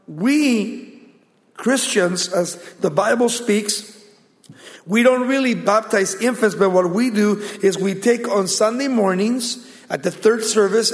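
A man's voice: sits high, long reverb tail. A man preaching a sermon as a pastor, telling a Bible story with dramatic drops in his voice.

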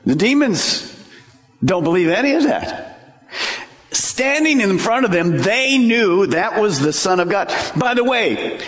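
A pastor preaches with a high, lively voice, pressing his points hard and slipping in jokes for the congregation. His voice rings out with a long echo through a large church hall. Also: measured pace. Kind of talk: sermon. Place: church sanctuary.

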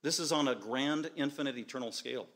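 A man's voice: medium pitch, quick pace, fairly bright tone. A man preaching a sermon as pastor, driving home his points with repeated short, emphatic declarations.

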